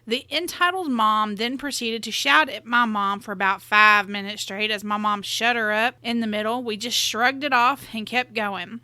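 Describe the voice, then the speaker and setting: A woman reading online stories aloud as narrator in a plain, even manner. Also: on the high side, moderate pace, hardly any pauses, no echo. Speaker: story narrator.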